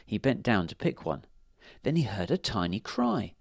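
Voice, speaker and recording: A man's voice: fairly low pitch, sing-song, gravelly, no room sound. Sing-song male storybook reader. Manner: slow, emphatic, sing-song reading. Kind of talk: children's storybook reading.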